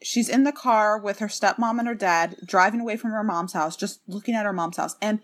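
A woman's voice: medium pitch, fairly quick. A woman from the American South with a light Southern accent, co-hosting a casual book podcast and laughing often. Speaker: podcast co-host. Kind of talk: casual chat.

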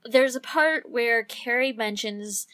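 A woman's voice: a little high, slow pace, a bit bright. A woman co-hosting a casual book podcast, asking questions in a chatty way. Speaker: podcast co-host. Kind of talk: casual chat.

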